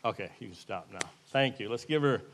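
A man's voice: fairly low pitch, lively intonation, fast talker, noisy background. A man giving an informal, plain-spoken sermon with a live demonstration, in an earnest, folksy manner. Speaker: lay preacher. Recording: echoey hall with long reverb.

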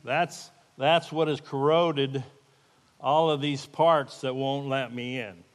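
A man's voice: medium pitch, steady tone, slow pace. A man giving an informal, plain-spoken sermon with a live demonstration, in an earnest, folksy manner. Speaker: lay preacher. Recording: echoey hall with long reverb.

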